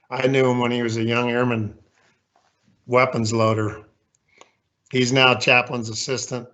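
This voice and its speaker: A man's voice: medium pitch, pushed and bright, dull audio. A man in his sixties giving a candid, folksy, self-deprecating leadership talk with slides as a guest speaker.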